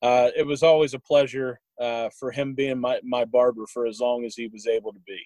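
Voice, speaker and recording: A man's voice: mid-range voice, level tone, fairly quick, a little mellow, dry recording, rough recording. A young man casually telling rambling stories about an old friend, chuckling along the way. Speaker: guest sharing memories. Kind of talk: casual storytelling.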